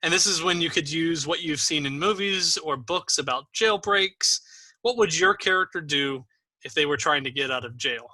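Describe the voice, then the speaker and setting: A man's voice: on the high side, moderate pace, sharp tone, no echo. A man acting as game master, patiently explaining the game and encouraging new players, with frequent ums.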